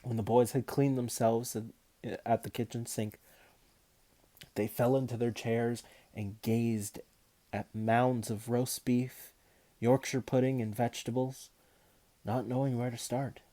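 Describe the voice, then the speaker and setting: A man reading a children's novel aloud in a calm, measured way. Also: mid-range voice. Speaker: audiobook reader.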